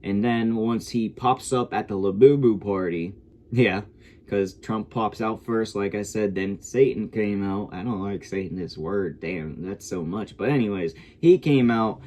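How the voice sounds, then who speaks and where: A man's voice: fairly low pitch, measured pace, a little mellow. A man giving a casual, rambling review of a TV episode, swearing freely as he goes. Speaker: show reviewer.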